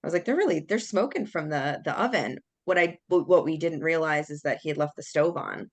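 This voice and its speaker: A woman's voice: low-pitched, brisk, dry recording. A young adult woman hosting a podcast, candidly telling a personal story in casual chat and acting out the quotes. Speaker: podcast host.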